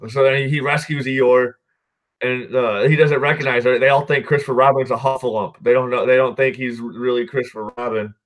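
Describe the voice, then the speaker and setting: Rambling, foul-mouthed podcast host. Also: male voice, mid-range voice, fairly even intonation, fairly quick. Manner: loose, profanity-heavy, peppered with "dude" and "like"; rambling, often backtracks and corrects himself. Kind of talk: casual rambling movie recap.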